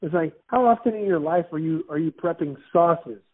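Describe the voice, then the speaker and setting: A man with a fairly high voice talks in a loose, rambling way. He restarts his sentences and laughs often. The sound is thin and tinny, like a phone line. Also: moderate pace, slightly rough. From Miami. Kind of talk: casual chat.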